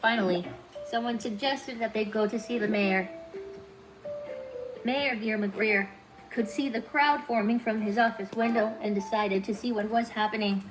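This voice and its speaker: A woman's synthetic robot voice narrating children's stories in a clear, even, friendly way. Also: medium pitch, normal speed, music in the background, poor audio. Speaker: storytelling companion robot.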